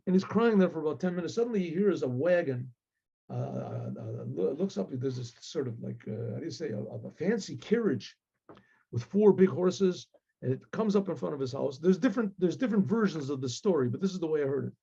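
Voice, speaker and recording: A man, a rabbi, telling a story with animated delivery, acting out the voices of the characters. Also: on the high side, brisk, vocal fry, husky, lo-fi sound.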